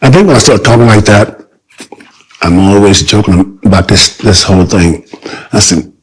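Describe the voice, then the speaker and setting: An older man talking as a guest in a casual interview, rambling with halting restarts and repeated phrases. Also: lowish voice, breathy edge, poor audio.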